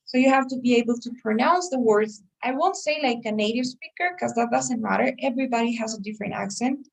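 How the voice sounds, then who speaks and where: Slightly high and gravelly, her voice moves fairly quickly as she runs an English test-prep class. She explains with patience and keeps checking in with the students, sounding a bit far from the microphone.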